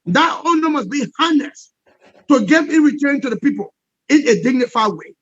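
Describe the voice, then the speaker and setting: A man giving an impassioned political interview as a guest, forceful and repetitive, often asking "all right?". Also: extremely high pitch, lively intonation, normal speed, no echo, muffled recording.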